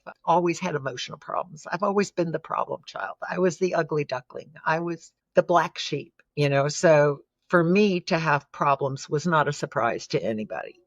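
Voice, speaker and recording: A woman's voice: sits low, moderate pace, hardly any pauses, no room sound, muffled recording. A woman giving an earnest, emotional personal testimony as a guest in an interview. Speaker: podcast guest.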